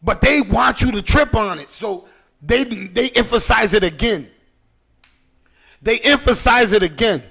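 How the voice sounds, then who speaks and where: A man hosting a podcast in a loose, rambling way. He talks emphatically and swears freely. His voice is high with a gravelly edge. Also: lively intonation, unhurried, sharp tone. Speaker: podcast host. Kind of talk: casual chat.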